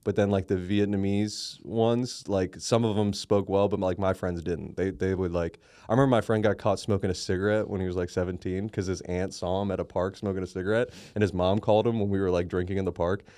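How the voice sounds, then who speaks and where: A man's voice: low voice, steady tone, brisk, few pauses, mellow, dry recording. A young man from Maryland telling loose stories on a comedy podcast, full of "like" and restarts. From Annapolis, Maryland. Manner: rambling, lots of "like", laughs mid-story. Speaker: comedian guest. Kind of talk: casual podcast storytelling.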